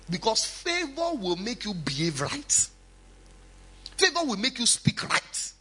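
Male pastor, sermon. High, husky-edged voice that swings widely in pitch; emphatic, conversational preaching. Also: moderate pace. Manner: preaching with lively emphatic swings, chatty asides.

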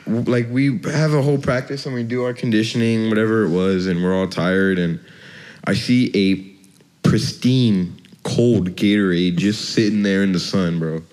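A man's voice: on the low side, fairly even intonation, moderate pace, a little mellow. Laid-back young man telling a story. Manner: laid-back, swears a lot, laughs mid-story. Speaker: podcast storyteller. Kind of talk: casual storytelling.

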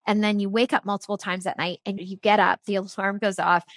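A woman's voice: medium pitch, little pitch movement, a little fast, no echo, clean studio sound. A middle-aged woman talking casually as an interview guest, telling stories with laughs and restarts. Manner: chatty storytelling with laughs and restarts. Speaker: guest, product founder.

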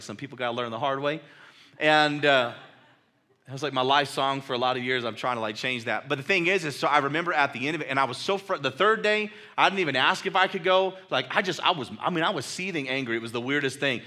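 A male pastor with a slightly high voice preaches a sermon as loose, conversational storytelling. He fills it with fillers and "like," and acts out his own angry shouting.

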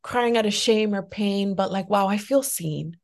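A woman's voice: medium pitch, unhurried. A woman hosting a podcast, speaking in a reflective, sincere way. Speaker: podcast host, life coach. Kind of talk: podcast conversation.

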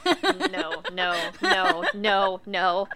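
A woman co-hosting a podcast, chatting casually and telling a story, animated and laughing often, swearing freely. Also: mid-range voice, drawn-out words, crowd noise. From United States. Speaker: podcast co-host.

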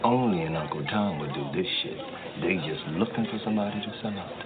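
A man's voice: low voice, quick pace, close to an everyday voice. A man playing an indignant, ranting actor. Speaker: actor waiting for an audition. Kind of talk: comedy film scene. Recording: tinny phone-line film audio with crowd.

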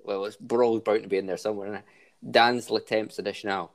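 Man hosting a podcast, lowish voice. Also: steady tone, fairly quick. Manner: upbeat, running a quiz. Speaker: podcast host. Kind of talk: casual chat.

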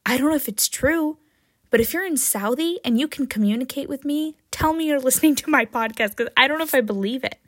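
A woman hosting her own podcast in a casual, jokey chat, often tagging "right?" and "um", with sudden excited jumps in pitch and loudness. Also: fairly quick, no echo, clean studio sound. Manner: chatty and jokey, with frequent "right?" and "um". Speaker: podcast host.

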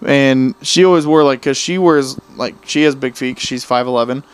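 A man's voice: mid-range voice, normal speed. A man co-hosting a podcast, rambling through casual stories and acting out quoted people. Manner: rambling, animated storytelling with quoted voices. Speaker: podcast co-host. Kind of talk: casual chat.

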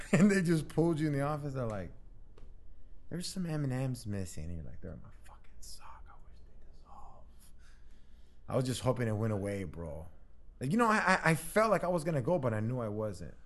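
A man who is a comedian, a guest on a podcast, telling animated stories with laughs and acted-out quotes. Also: medium pitch, a little fast. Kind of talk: casual chat.

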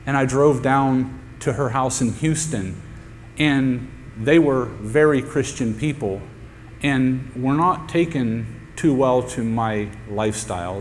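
A male pastor preaching a sermon to his congregation, emphatic and repeating key phrases for effect. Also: mid-range voice. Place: church sanctuary with a congregation. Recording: long hall reverb with faint hum.

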